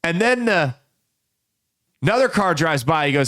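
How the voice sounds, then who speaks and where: A man with a fairly high-pitched voice hosts an opinionated political commentary show. He tells folksy parables and slips into quick voices for the people in them. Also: very animated, a bit bright. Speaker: podcast host.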